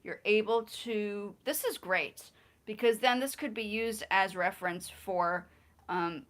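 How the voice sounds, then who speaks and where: Woman host, mid-pitched, playful and laughing, patiently coaching sounds in a casual stream. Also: a little slow, a bit bright. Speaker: livestream host. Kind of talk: casual livestream chat.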